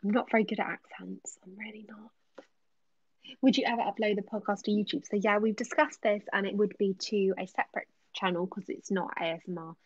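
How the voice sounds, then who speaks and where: Soft-spoken woman, chatty and whispery. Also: mid-range voice, steady tone, fast talker, hardly any pauses, no echo, muffled recording. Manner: chatty, many ums, drifts into whispers. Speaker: ASMR creator answering live chat. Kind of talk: casual live stream Q&A, soft-spoken with whispers.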